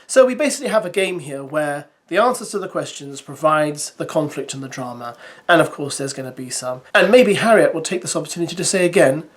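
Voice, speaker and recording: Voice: medium pitch, brisk. A reality TV commentator doing a recap, reading out summaries with wry, chatty asides to viewers.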